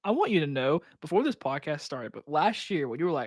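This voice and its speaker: Young guy on a podcast, kinda high voice, teases and cusses a lot, dry mic, no room sound. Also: sing-song, fairly quick, hardly any pauses, dry recording. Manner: teasing, swears a lot, jokey. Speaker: podcast co-host. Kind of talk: casual podcast chat.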